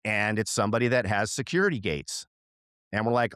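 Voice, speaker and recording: A middle-aged man co-hosting a podcast, telling a story in casual chat and jumping up in pitch when he acts out what people said. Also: a little fast, smooth, no echo, clean studio sound. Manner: animated storyteller, voices quoted people with jumps in pitch. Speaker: podcast co-host.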